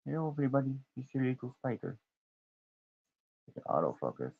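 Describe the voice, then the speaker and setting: A young man with a husky, slightly breathy voice at an ordinary middle pitch talks through a casual vlog as he cleans his room. He rambles, restarts his sentences and swears freely, often dropping to a quiet mutter. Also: very animated, fairly quick, phone-quality sound. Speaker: vlogger.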